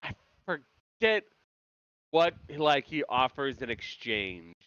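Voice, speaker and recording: A man's voice: mid-range voice, sing-song, slow, fairly bright tone, clean tone, dry recording, dull audio. A man co-hosting a podcast, chiming in on a TV recap with quips and laughter. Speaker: podcast co-host. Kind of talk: casual TV episode recap.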